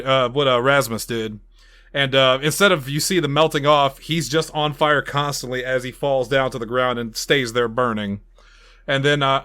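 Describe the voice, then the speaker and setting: A man playing in a tabletop role-playing game, describing his character's actions in a playful, animated way. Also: medium pitch, clean tone, dry recording. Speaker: player.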